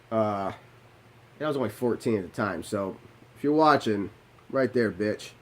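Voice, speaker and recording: Low-voiced man, blunt and profane. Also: lively intonation, measured pace, pauses often, rough recording. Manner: candid, profane, self-deprecating; rambling with restarts. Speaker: vlogger. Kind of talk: confessional storytelling.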